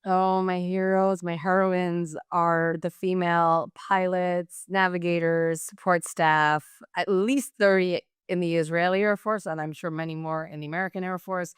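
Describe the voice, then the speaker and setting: A woman panelist with a lowish, very clear, crisp voice and a dry, close sound. She chats casually on a news show, gushing and animated, with filler words everywhere. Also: normal speed, few pauses, no echo. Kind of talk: casual chat.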